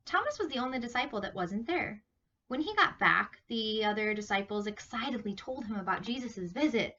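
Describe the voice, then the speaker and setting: A woman teaching Sunday school, reading a Bible story to children in an animated, questioning way. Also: a little high, fairly quick, far from the mic, lo-fi sound. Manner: animated, questioning, talks to kids directly.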